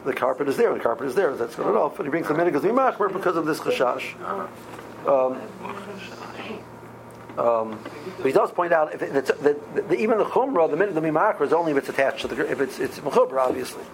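A man, teaching a halacha class in a halting way, with many ums and restarts. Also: on the high side, expressive, a crowd in the background, low-quality recording. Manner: halting, many ums and restarts, mixes Hebrew and Aramaic terms. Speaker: Torah teacher. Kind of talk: halacha class explaining Jewish law.

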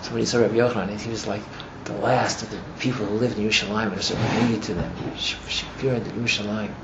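A man teaching a class as he retells a story, rambling and filling his talk with "you know", and growing animated as the story builds. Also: fairly low pitch, racing. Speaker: religious teacher. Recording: muffled with steady background noise.

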